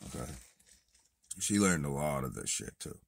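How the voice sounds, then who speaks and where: A deep-voiced man with a husky edge tells a rambling story straight to camera, swearing freely. He drops to a mutter, then bursts out loud. The sound is dry and close. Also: normal speed, dry recording. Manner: profane, animated retelling, swings from muttered to shouted. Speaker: vlogger. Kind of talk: casual storytelling monologue.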